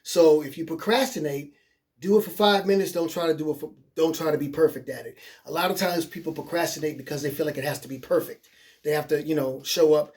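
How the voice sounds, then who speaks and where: A man's voice: on the high side, steady tone, fast, a little mellow. A man giving a coaching webinar in a casual, encouraging way, who repeats points and keeps checking in with "okay?". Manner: casual, encouraging, plain-spoken. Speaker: life coach.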